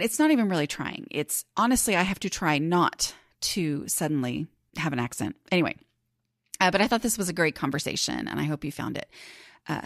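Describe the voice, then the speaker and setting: A woman's voice: fairly low pitch, no echo, studio quality. A woman hosting a podcast, chatting casually and laughing easily, saying "y'all" to her listeners. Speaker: podcast host.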